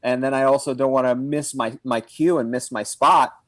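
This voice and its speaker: A man telling a comic story in casual chat as a guest, with animated comic timing. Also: mid-range voice, normal speed, no echo. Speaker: wrestling performer and guest.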